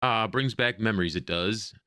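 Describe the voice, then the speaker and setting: Man reading elderly fantasy village woman, rambling, forgetful, quaint old-style speech, low pitch, bright tone. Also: moderate pace, clear, resonant tone, no room sound, studio quality. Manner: quaint archaic phrasing, read aloud.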